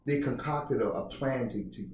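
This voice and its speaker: A man's voice: medium pitch, moderate pace, a little hiss or hum. Guy telling army stories in an interview, roomy sound, mic kinda far off. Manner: animated, restarts often, acts out quotes. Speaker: author being interviewed. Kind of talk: casual interview storytelling. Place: indoor room. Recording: roomy, distant mic, faint ambience.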